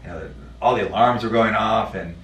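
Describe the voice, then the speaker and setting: A man telling a personal story in a podcast conversation, blunt and profane, halting with many fillers. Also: fairly low pitch, a bit bright, slight background noise. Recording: roomy sound from a distant mic.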